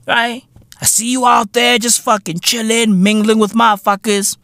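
A South African man hosting a podcast, ranting alone and swearing heavily. He slips local slang and Sesotho phrases into his English and swings from low mutters to loud shouts. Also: level tone, moderate pace, no room sound. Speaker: podcast host. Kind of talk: solo profane rant.

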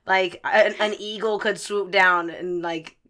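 Young woman podcast cohost, bright sharp voice, cusses a lot, chatty storyteller. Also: medium pitch, a little slow. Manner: profane, storytelling, animated. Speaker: podcast co-host. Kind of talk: casual chat.

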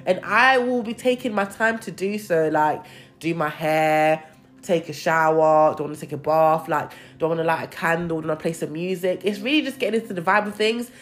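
A young woman venting in a casual monologue, candid and expressive, swearing freely. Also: sits low, brisk.

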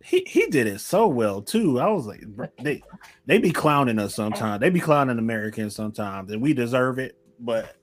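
A man's voice: mid-range voice, expressive, brisk. Easygoing male podcast co-host. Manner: easygoing, laughs often. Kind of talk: casual chat.

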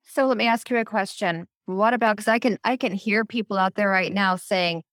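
A woman co-host speaking in a relaxed, conversational way, slipping into anecdotes and laughing easily. Her voice sits at a middle pitch, and the recording is close and dry, with no room sound. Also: brisk, few pauses, no echo. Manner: chatty storyteller, laughs easily. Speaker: podcast co-host. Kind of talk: casual conversational chat.

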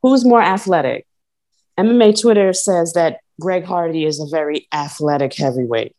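A woman co-hosting a casual sports podcast, talking in an animated, profane ranting way with frequent laughs. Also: lowish voice, moderate pace. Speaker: podcast co-host.

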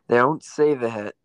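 A man's voice: medium pitch, clean tone, no room sound, poor audio. A man in casual chat, talking bluntly and crudely, swearing freely and correcting others drily. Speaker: stage actor guest.

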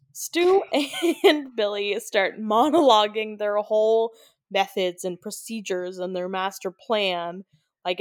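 A woman's voice: mid-range voice, dry recording, clean studio sound. Chatty, giggly woman recapping a film. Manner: chatty, giggly, many "like" fillers. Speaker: podcast co-host. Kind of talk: casual movie recap chat.

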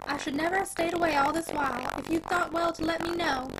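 A woman's voice: extremely high pitch, huge pitch swings, fast, exaggerated voice. A woman voicing a distraught, humble middle-aged farm wife and aunt who pleads tearfully. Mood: pleading, tearful. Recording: noisy home recording.

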